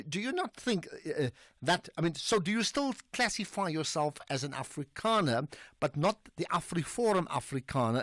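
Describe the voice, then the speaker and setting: South African male talk radio host, fairly high voice, dry studio, pressing and quick. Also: fairly bright tone, no room sound. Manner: quick, conversational, pressing questions. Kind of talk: talk radio call-in discussion.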